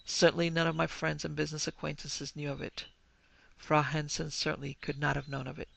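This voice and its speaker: A man playing a skeptical German businessman who speaks in a stiff, formal way, with a gravelly, fairly high voice. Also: monotone, a little fast, fairly bright tone, full character voice. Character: skeptical middle-aged male German businessman.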